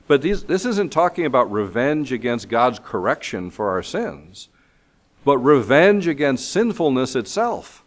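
Lively, emphatic male preacher. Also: mid-range voice. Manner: earnest, emphatic, reads scripture aloud. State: recovering from lost voice. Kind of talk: sermon.

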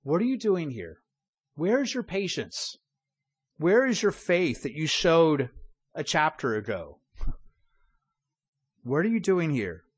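A preacher speaking as a calm divine voice that keeps asking a prophet probing questions. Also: male voice, on the high side, takes it slowly, pauses often, breathy edge, full character voice. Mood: questioning.

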